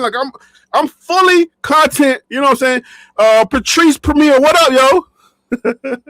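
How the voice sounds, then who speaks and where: High-voiced man ranting and joking to camera. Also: dry recording, studio quality. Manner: animated, joking, laughs often, repeats himself. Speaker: sports channel vlogger. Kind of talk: casual talk to camera. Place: his own studio.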